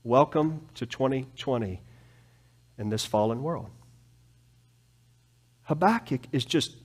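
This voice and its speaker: A man preaching a sermon as pastor in a church, animated, swinging from soft, low passages to loud, pleading ones. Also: slow pace, long pauses, slightly rough. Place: church sanctuary.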